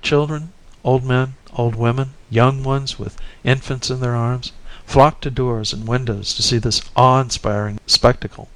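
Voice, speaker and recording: A man narrating a classic short story in a measured, expressive reading. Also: medium pitch, rough recording.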